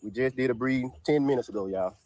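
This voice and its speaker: A man's voice: medium pitch, fast talker, a little mellow, no room sound. A man talks casually, selling his dogs. His voice sounds close and dry, with no room around it. He keeps tossing "y'all" to the viewers in a loose, rambling drawl. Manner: drawls "y'all" constantly, Southern US dialect. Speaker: dog breeder selling dogs. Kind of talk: casual sales pitch to viewers. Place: outdoors in a yard.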